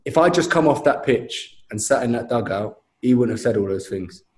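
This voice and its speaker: A man's voice: medium pitch, normal speed, roomy sound. Man telling a wild story. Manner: animated storytelling, says mate a lot. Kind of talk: casual podcast chat.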